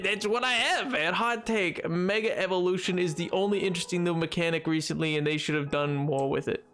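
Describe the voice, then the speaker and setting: A young man chatting casually on a game stream, excitable and quick to laugh, reading chat aloud. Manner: excitable, bursts into high yelps and laughs, reads chat aloud.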